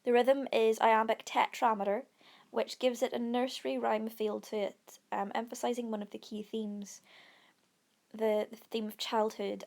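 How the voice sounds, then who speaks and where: A woman teaching a lesson analysing a poem, explaining step by step with frequent pauses and fillers. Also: medium pitch, gravelly. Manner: explanatory, with frequent ums and restarts. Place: recorded over an iPad whiteboard presentation.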